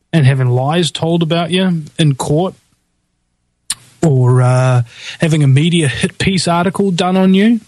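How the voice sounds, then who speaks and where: A man hosting a radio show, delivering an impassioned, blunt rant in fast bursts. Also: on the high side, a little mellow, no echo. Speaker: radio host.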